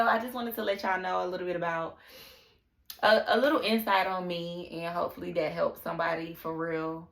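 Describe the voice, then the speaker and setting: A woman's voice: on the low side, steady tone, moderate pace, gravelly, a bit bright, echoey room. A young woman talking candidly in a casual personal vlog, confiding and full of slang and fillers. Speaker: vlogger.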